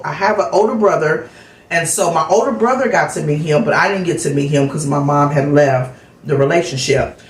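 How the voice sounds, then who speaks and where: A woman's voice: low voice, reverberant, rough recording. A middle-aged woman vlogger chatting candidly and telling a personal story in a casual way. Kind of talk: casual chat vlog.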